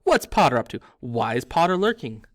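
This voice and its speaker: A man's voice: medium pitch, very animated, fairly quick, no echo, studio quality, lightly acted. Man doing Peeves, a shrieking poltergeist. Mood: taunting. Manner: taunting, singsong, shrieking. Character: cackling mischievous male poltergeist.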